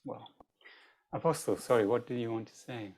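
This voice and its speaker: A facilitator opening an online group session, relaxed and often laughing, with hesitant restarts. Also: medium pitch, moderate pace. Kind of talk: casual online group chat.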